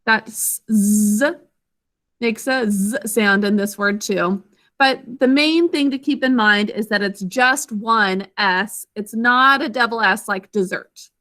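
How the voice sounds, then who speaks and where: In a slow, medium-pitched voice with a slightly bright edge, a woman leads a children's literacy lesson. She patiently sounds out every word syllable by syllable, pronouncing each one clearly.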